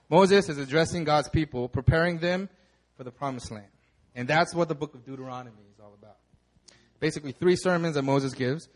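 Lively young man preaching a casual sermon. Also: a little high. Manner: casual storytelling, acts out the crowd in dramatic voices. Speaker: pastor. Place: church hall.

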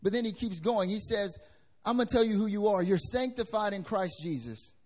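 A young adult man preaching a sermon as pastor to a congregation in a church, with big swings in pitch and loudness and casual slang. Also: animated, brisk.

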